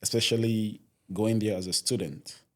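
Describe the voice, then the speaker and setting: A man's voice: fairly low pitch, fairly even intonation, normal speed. A young man, a podcast guest telling his story earnestly, often adding "you know". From Nigeria. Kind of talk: casual interview storytelling.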